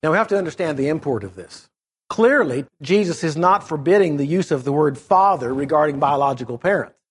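A middle-aged man preaching in a measured, explanatory way, leaning on key words as he teaches through a Bible passage. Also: fairly high pitch, expressive, husky.

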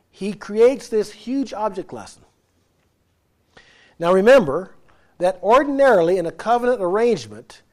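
Male preacher, higher-pitched voice, emphatic sermon delivery with questions to the room. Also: darkish tone. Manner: emphatic, asks the congregation questions.

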